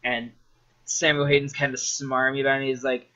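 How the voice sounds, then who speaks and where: A man's voice: medium pitch, level tone, a little fast, bright, forceful tone, muffled recording. A man casually rambling about a video game he loves, full of fillers, restarts and swearing.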